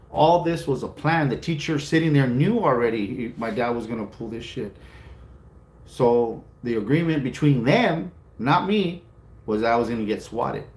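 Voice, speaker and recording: A man co-hosting a casual chat, telling a story animatedly, acting out the voices of others and swearing freely. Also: medium pitch. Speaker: co-host. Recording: roomy with faint background noise.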